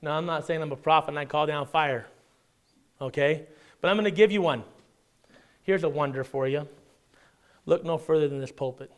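A man preaching a sermon as pastor, chatty and direct, often checking in with his listeners and swinging from loud emphasis down to a hushed near-whisper. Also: a little high, moderate pace, long pauses. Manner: conversational, asks the congregation "right?".

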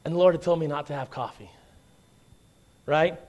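A man with a notably high-pitched voice delivers a sermon as a pastor. He talks to the congregation in a casual, back-and-forth way, stacking "right?" and "okay?" and doubling up words as he presses his point. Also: normal speed, a little mellow, dull audio. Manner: conversational preaching with frequent "right?" and "okay?" check-ins; repeats and restarts words when emphasizing.

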